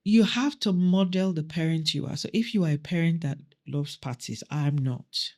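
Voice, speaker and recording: A middle-aged woman from Nigeria, speaking a little low in her range. She tells personal stories as a podcast guest. She acts out the voices of the people she quotes with lively energy. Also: normal speed. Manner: animated storyteller who acts out quoted dialogue. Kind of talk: storytelling in a podcast interview.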